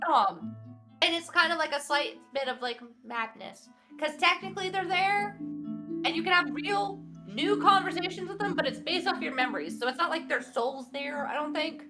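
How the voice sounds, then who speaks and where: Give me a woman with a very high voice giggling through a casual game recap over background music. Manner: giggly, breathless storytelling, frequent swearing. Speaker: player recapping a tabletop session.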